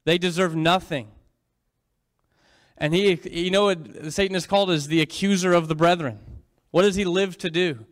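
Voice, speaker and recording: A man's voice: high-pitched, clear, resonant tone. A man preaching a sermon, retelling scripture dramatically and questioning his congregation.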